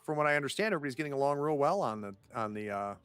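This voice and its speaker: A man's voice: medium pitch, expressive, rapid-fire, a bit bright, smooth. A man hosting and running the game, wrapping up the show in an upbeat, chatty way. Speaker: game master and host. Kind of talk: casual show outro with plugs.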